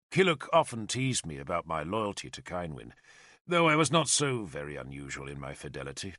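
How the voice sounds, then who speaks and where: Expressive male audiobook narrator. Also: low-pitched, brisk, no echo, studio quality. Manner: expressive storytelling. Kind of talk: scripted narration.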